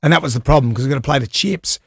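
A man's voice: medium pitch, racing, gravelly, a bit bright, breathy edge, no echo, clean studio sound. A middle-aged Australian man co-hosting a radio show, telling rambling anecdotes in casual banter and laughing often. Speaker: radio co-host. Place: radio studio.

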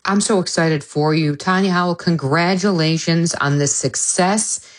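A woman who hosts a radio show interviews a guest and congratulates her, speaking as a warm interviewer. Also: on the low side, a little slow. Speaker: radio host.

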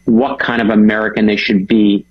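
A man's voice: fairly low pitch, normal speed, slightly rough, lo-fi sound. A man, an author and guest, chatting with enthusiasm and telling stories. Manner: enthusiastic storyteller, animated. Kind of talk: casual chat.

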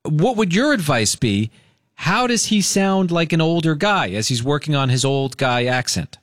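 A male radio host in a studio, bantering with a caller in an excitable, enthusiastic way. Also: on the high side, moderate pace, no echo. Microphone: studio microphone.

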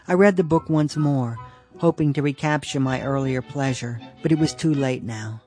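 A man's voice: medium pitch, normal speed, darkish tone, faint music behind. Man dryly reading a humorous essay. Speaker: author reading his own story.

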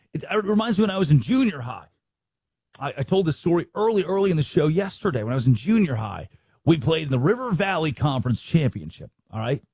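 A man hosting a sports talk show, giving animated, opinionated commentary and mocking the people he talks about. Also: fairly high pitch, breathy edge, no room sound. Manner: animated, mocking impressions of others.

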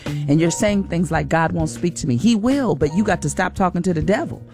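A woman hosting a morning radio show, giving a slow, soothing, encouraging faith talk. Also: lowish voice, lively intonation, over music.

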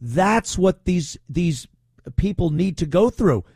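A man's voice: high voice, animated, slow pace, darkish tone, breathy edge, no room sound, studio quality. A man hosting talk radio, speaking in a mocking, opinionated way. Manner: mocking, puts on whiny voices to ridicule. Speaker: radio talk show host.

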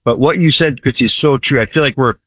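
A man's voice: medium pitch, quick pace, fairly bright tone, breathy edge, dry recording. A man who works in disaster relief ministry, telling his story earnestly in an interview, repeating phrases for emphasis and often asking "right?".

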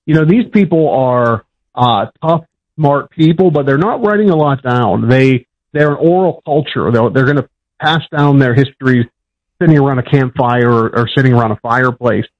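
A man's voice: medium pitch, moderate pace. Plainspoken man, dull lo-fi sound. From Pittsburgh, USA. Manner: plainspoken, explanatory, with frequent fillers. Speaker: historian guest. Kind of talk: conversational interview answers.

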